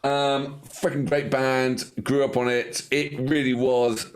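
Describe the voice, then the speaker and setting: A man with an English accent co-hosting a music reaction show, joking and laughing in relaxed banter. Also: medium pitch, slow pace, clear, resonant tone. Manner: joking, laughs often, playful. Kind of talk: casual banter.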